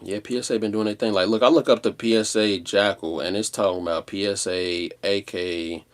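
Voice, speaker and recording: A man chatting casually on a livestream, rambling in a slangy, laid-back way with animated outbursts. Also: on the low side, fairly quick. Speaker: live streamer.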